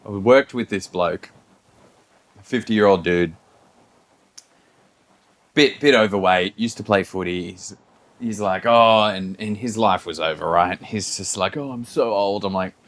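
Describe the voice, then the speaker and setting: A man's voice: low-pitched, measured pace, long pauses. A man co-hosting a podcast, chatting casually and telling a story, acting out the people in it and laughing often. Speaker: podcast co-host. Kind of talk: casual chat.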